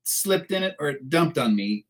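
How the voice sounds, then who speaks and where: A man's voice: fairly high pitch, expressive, moderate pace, rough recording. Crude, laughing veteran storyteller man. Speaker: guest, military veteran. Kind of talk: casual storytelling.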